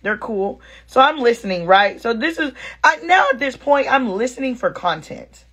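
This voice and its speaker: A woman's voice: on the high side, moderate pace, husky. A woman vlogger chatting casually at home, telling viewers a dating story with slang and acting out both sides of the conversation. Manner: animated, talks straight to viewers, acts out both sides of the story; slangy, calls viewers girl and sis. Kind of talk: casual storytime chat to camera.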